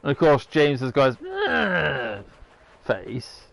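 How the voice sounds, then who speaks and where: A man's voice: medium pitch, animated, unhurried, creaky, no room sound. A man giving rambling, casual commentary while playing a game, swearing now and then. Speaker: gamer.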